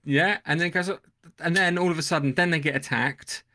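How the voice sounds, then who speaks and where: A man co-hosting a casual podcast, animated and swearing freely as he acts out film scenes. His voice sits somewhat high. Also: a little fast. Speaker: podcast co-host. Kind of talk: casual chat.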